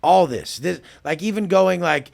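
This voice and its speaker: A man's voice: high voice, measured pace, gravelly, a little mellow. A man talking as a podcast guest, brash and profane, mocking people as he acts out both sides of past conversations. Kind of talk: casual podcast talk.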